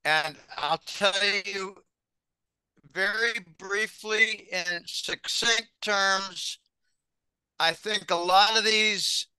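A male guest giving deliberate, ominous financial warnings in an interview, with some restarts. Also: high voice, pushed and bright, clear, resonant tone, no echo. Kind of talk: interview answers.

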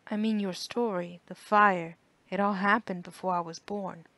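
A woman's voice: medium pitch, fairly even intonation, moderate pace, sharp tone, no room sound. A woman voicing a puzzled, blunt old maintenance man asking questions in an audiobook.

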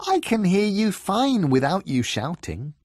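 A man voicing a cheeky, calm young boy in a storybook reading, pitching his voice up. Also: measured pace, no echo, clean studio sound, exaggerated voice. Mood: curious.

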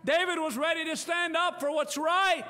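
A man pastor preaching an impassioned sermon in a church, rising to shouts at times. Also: extremely high pitch, steady tone, moderate pace, long reverb tail.

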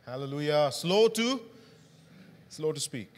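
Animated and a little slow, a male pastor with a slightly high voice delivers an interactive sermon in a church hall, frequently putting questions to the congregation. The sound has a long hall reverb.

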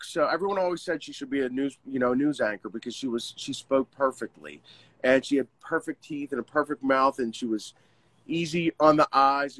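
A man, telling a painful personal story as an interview guest, in an earnest, halting way with many restarts. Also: on the high side, fairly bright tone, no room sound. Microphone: video call.

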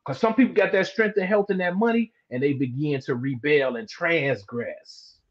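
A man preaching scripture in an easy, colloquial way on a live stream, stretching words out to make his point. His voice sits high and sounds a bit husky. The audio is dull and lo-fi. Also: moderate pace. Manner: colloquial, emphatic, drawls words for stress. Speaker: teacher in a Bible discussion broadcast. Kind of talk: casual preaching in a live streamed Bible discussion.

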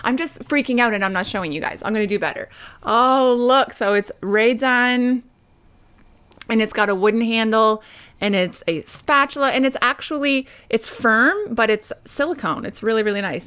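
A woman in her thirties, from Canada, talks casually to her viewers as she unboxes gifts at home. Her voice sits a touch high. She bubbles with excitement, squealing and laughing often. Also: normal speed. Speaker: vlogger. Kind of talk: unboxing vlog, casual chat.

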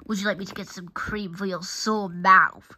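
Storybook busybody, eager and meddling, crying out offers to help, as a woman reads her; husky and bright. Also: mid-range voice, steady tone, normal speed. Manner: cries out eagerly. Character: eager meddling little girl helper.

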